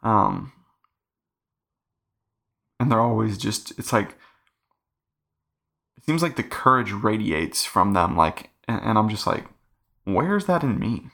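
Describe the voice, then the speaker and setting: A man's voice: on the low side, slow, gravelly, long pauses, fairly bright tone. A young man hosting a casual faith podcast, talking earnestly in a rambling way full of fillers. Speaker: podcast host.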